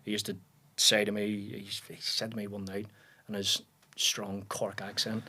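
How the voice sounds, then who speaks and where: A Northern Irish man in his forties talks in a low, easy register. He is a podcast guest spinning relaxed anecdotes, with plenty of fillers and false starts as he goes. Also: normal speed, breathy edge. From Northern Ireland. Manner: relaxed storyteller, frequent restarts and fillers. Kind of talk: casual podcast interview chat.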